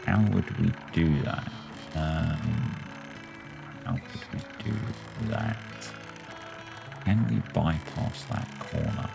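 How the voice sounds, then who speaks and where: Over background music, a let's play host with a low, gravelly voice muses aloud while playing a city-building game. He speaks slowly with long pauses, talking himself through each choice.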